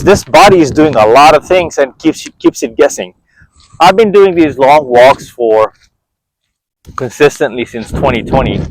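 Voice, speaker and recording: A man's voice: medium pitch, low-quality recording. Middle-aged man giving a rambling fitness pep talk. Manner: rambling, self-motivating, with many restarts. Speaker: fitness vlogger. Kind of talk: casual motivational talk to camera. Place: outdoors, walking in a park.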